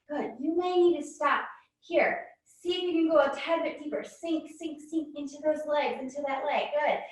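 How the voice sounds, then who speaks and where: A woman yoga instructor, a little out of breath, calling out poses and encouraging cues through a guided class. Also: high-pitched. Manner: encouraging cues, frequent "good". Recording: echoey room, voice from far off.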